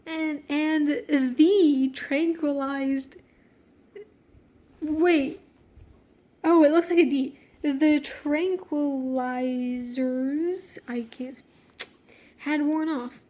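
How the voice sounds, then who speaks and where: A woman with a high, bright-pitched voice reads her old childhood story aloud at an unhurried pace. She keeps stopping to laugh at it and tease herself in slangy asides, losing her thread and picking it back up. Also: fairly even intonation. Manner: giggly, slangy and self-mocking; easily distracted, breaks off mid-sentence. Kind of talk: reading aloud with joking commentary.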